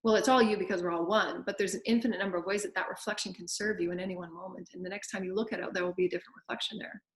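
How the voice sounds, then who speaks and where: A woman's voice: mid-range voice, fairly even intonation, rapid-fire. A woman giving a spiritual guidance talk, speaking in flowing, repetitive first-person affirmations. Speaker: spiritual teacher. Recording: echoey room.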